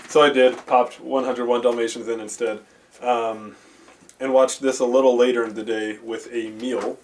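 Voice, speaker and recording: A man's voice: medium pitch, a little mellow. A man vlogging about VHS movies, rambling with lots of fillers and restarts, recorded on a camcorder in his bedroom. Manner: rambling, filler-heavy, self-interrupting. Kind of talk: casual rambling movie talk. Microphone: handheld camcorder mic. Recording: faint hiss from a camcorder.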